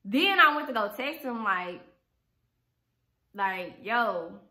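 A young woman vlogger telling a storytime tale in animated, slangy, profane talk. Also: fairly high pitch, slow. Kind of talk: storytime vlog.

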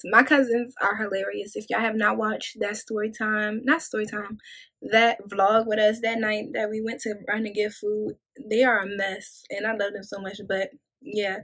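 A woman's voice: mid-range voice, fairly bright tone, low-quality recording. A woman in her twenties talking casually to her viewers in a rambling, chatty way. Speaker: vlogger. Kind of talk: casual talk to camera.

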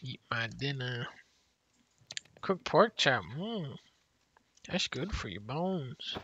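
A man streaming a game in casual chat, playful and teasing with deadpan jokes. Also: medium pitch, takes it slowly, highs cut off, noisy background.

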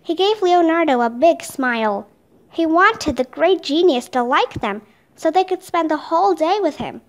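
A woman reading a children's chapter book aloud, narrating clearly and expressively. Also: high-pitched, lively intonation, moderate pace. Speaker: storybook reader.

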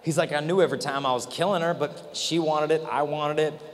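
Male conference speaker, lively storyteller, voice ringing in a large hall. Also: fairly high pitch, fairly quick. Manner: animated, acts out quoted voices. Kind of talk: storytelling talk to a youth audience. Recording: long hall reverb, faint noise.

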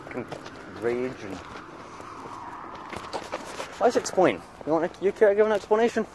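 A man talks casually to the camera out in town, his slightly high voice swinging up and down as he vents. He swears constantly. Faint street noise sits behind him. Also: sing-song, moderate pace. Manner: angry swearing rant. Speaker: vlogger. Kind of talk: casual vlog chat.

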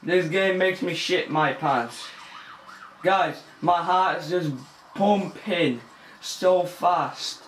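A man's voice: sits high, drawn-out words, fairly bright tone, reverberant, a little hiss or hum. A young man commentating a horror game as he plays, nervous and easily scared, swearing and laughing. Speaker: gamer. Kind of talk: let's play commentary.

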